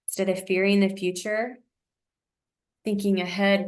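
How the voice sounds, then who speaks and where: A woman with a somewhat low voice leads a wellness lesson. She speaks in a gentle, encouraging way, often pausing on an "um" before going on. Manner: gentle, encouraging, uses fillers like um. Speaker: presenter.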